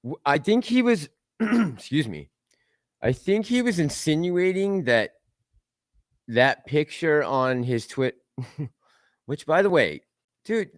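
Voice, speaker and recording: A man's voice: on the high side, no echo, clean studio sound. A man hosting a casual livestream, rambling and laughing as he reads out and answers chat messages. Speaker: livestream host reading chat.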